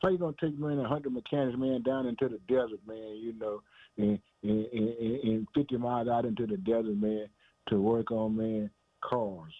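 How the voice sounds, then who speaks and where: A man preaches in a repetitive, emphatic way, calling out "man" and "boy" between his phrases. His voice sits in an ordinary middle pitch. The sound is thin and phone-like, with no room echo. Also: fairly even intonation, moderate pace. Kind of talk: sermon. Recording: dry, phone-like narrow sound.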